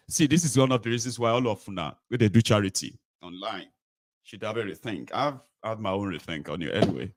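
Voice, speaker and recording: A man's voice: fairly low pitch, a little fast, no echo. A man with a Nigerian accent giving sarcastic political commentary, mocking and switching between English, Pidgin and Yoruba.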